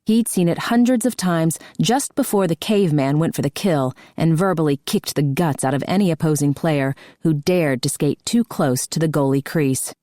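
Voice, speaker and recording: A woman reading an audiobook as narrator in a steady, measured way, close to a studio mic. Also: low voice, no room sound. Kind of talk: scripted narration.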